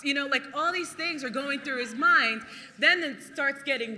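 Animated preacher with a sharp, bright voice. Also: high voice, normal speed, big-room sound, slight background noise. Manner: animated, laughs often, acts out quotes. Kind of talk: sermon with Bible reading.

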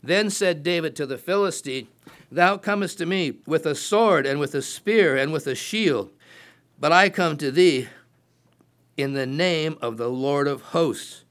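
A man's voice: on the high side, a bit bright. Man preaching, reading scripture. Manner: reads verses aloud, breaks in with emphatic rhetorical questions.

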